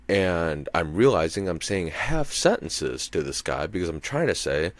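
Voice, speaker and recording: A man's voice: sits low, big pitch swings, unhurried, few pauses, dry recording. A man hosting a podcast, telling a rambling, profane story in a casual monologue and often checking in with the listener. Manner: rambling, profane, keeps asking "you know what I mean". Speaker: podcast host and comedian.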